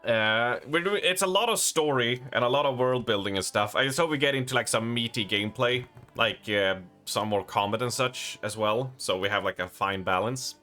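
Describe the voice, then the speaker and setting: A man's voice: medium pitch, normal speed, few pauses, pushed and bright, soft background music. A man streaming a game live, chatting with his viewers and reading the game's letters and notes aloud.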